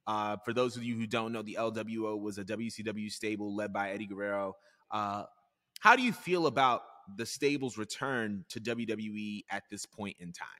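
Bright-voiced man hosting a podcast. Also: fairly low pitch, normal speed. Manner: laid-back, reads segment notes. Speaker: podcast host. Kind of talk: casual chat.

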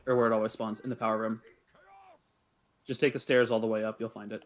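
A man's voice: lowish voice, little pitch movement, fast. A young man chatting as a teammate in a zombie game, matter-of-fact, giving directions and arguing his point. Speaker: teammate in voice chat. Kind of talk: casual gaming chat.

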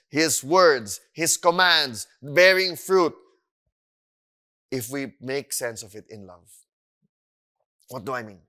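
A bright, forceful male voice preaching with a Filipino accent, fairly high in pitch. He moves in and out of Tagalog phrases and acts out little voices to make his points, lively and conversational from the pulpit. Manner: animated preaching, switching between English and Tagalog phrases; acts out voices of children and doubters. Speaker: pastor. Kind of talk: sermon.

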